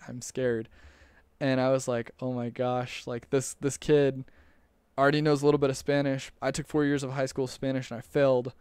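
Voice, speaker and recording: A man's voice: medium pitch, a little mellow, clean tone, no echo. Young man telling a rambling story. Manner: rambling, with frequent restarts and chuckles. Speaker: storyteller recalling a church mission. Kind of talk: casual storytelling.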